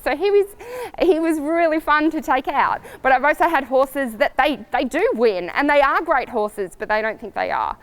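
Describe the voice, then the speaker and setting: A woman riding coach giving upbeat, lively advice to riders in a coaching video. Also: high-pitched, moderate pace. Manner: lively and upbeat, acts out voices, laughs easily.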